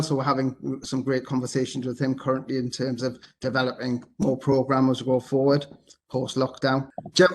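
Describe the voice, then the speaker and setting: Geordie man giving a measured talk. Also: medium pitch. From North East England. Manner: deliberate, measured delivery. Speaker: arts organisation director. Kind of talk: panel presentation.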